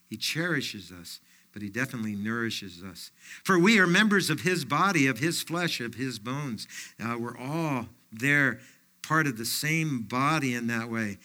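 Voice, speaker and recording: A man's voice: mid-range voice, expressive, moderate pace, sharp tone. An older man giving a folksy sermon, often dropping in fillers and personal stories. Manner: folksy, anecdotal preaching with frequent fillers. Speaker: pastor.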